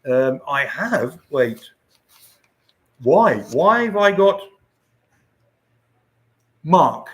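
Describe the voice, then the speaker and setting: A man's voice: a little high, expressive, very slow, pauses often, a bit bright. An older man hosting a casual livestream, chatting to viewers in a rambling way and chuckling often. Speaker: livestream host. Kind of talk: casual live-stream chat.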